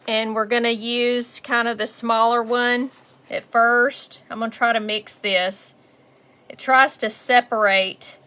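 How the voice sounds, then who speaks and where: A woman with a Southern US accent talks her way through a live painting tutorial, recorded on a phone. Her voice sits a little high and sounds crisp and bright. She keeps up a friendly, chatty patter and greets her viewers by name. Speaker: painting instructor on a livestream. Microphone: phone on a mount.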